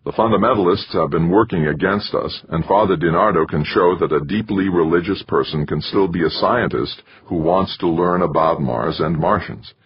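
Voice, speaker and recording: Man voicing a measured, diplomatic mission leader. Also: low voice, husky, highs cut off.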